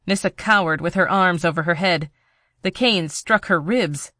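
A narrator reading a tense thriller audiobook in a steady storytelling voice, recorded on a close mic. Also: medium pitch, moderate pace, no room sound.

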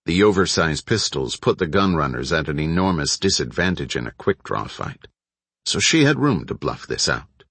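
A man narrating an audiobook in a steady, even storytelling manner. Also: a bass voice, normal speed, slightly rough, no room sound. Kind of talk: scripted narration.

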